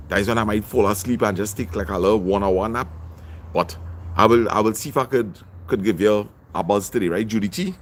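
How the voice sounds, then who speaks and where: Guy doing a live stream, greeting viewers by name, chatty, a bit of faint hiss behind him. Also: on the low side. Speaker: livestream host. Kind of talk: live-stream chat, reading comments.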